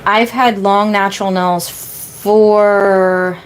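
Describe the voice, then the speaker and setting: Speaking extremely slowly, with a medium-pitched voice and fairly even intonation, this thirty-something manifestation coach chats casually on a live-stream Q&A while background noise can be heard. Her talk rambles, leans heavily on fillers, and circles back to key phrases to stress them.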